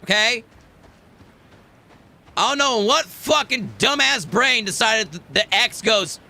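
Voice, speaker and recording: A man's voice: extremely high pitch, animated, takes it slowly, gravelly, bright, forceful tone. An American man streaming a space game, chatting casually and joking with heavy swearing. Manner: profane, joking banter. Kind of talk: casual gameplay chat.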